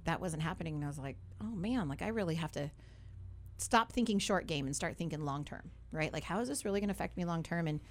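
A woman's voice: low-pitched, fast talker. A young adult woman hosting a radio talk show, chatty and upbeat, often adding "right?" and "like".

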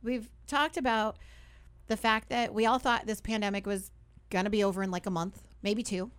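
Young woman radio host, upbeat chatter, medium pitch. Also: steady tone, normal speed, clean tone. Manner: chatty, upbeat, says "right?" and "like" often. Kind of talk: casual radio talk.

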